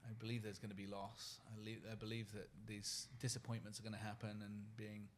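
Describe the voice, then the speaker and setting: Earnest, soft-spoken British man. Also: lowish voice, completely flat delivery, fairly quick, slight background noise. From United Kingdom. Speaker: guest. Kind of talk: reflective interview conversation.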